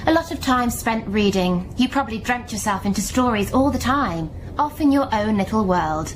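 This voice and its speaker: A woman's voice: a little high, expressive, moderate pace, noisy background, lightly acted. An actress playing Kate, a self-centred young woman who talks bluntly and condescendingly in a radio drama.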